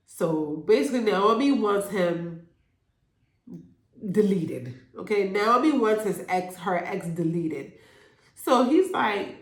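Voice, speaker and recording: A woman talks through a TV episode in a casual recap. Her pitch rises and falls a great deal as she tells it, and she sounds as if she is in a room with noticeable echo. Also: takes it slowly. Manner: animated, acts out characters' lines in quotes. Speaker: YouTube show reviewer.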